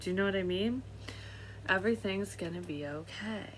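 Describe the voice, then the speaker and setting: A woman's voice: medium pitch, moderate pace, a little hiss or hum. A middle-aged woman giving a casual, rambling tarot reading, swearing freely and laughing at herself. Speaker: tarot reader.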